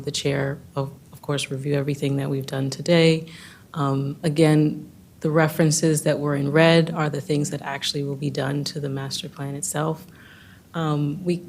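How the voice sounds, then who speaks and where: Low-voiced woman, hoarse and hurried. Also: a little mellow, slight background noise. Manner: hurried, apologetic, many ums. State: losing her voice. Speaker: planning staff presenter. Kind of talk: public meeting presentation.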